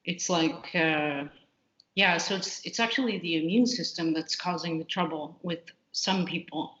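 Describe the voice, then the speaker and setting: A woman's voice: on the low side, measured pace, fairly bright tone. A woman, a computational biologist, answering interview questions in a casual way, with many fillers and restarts. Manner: frequent fillers and restarts, candid. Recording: muffled lo-fi audio in a roomy space.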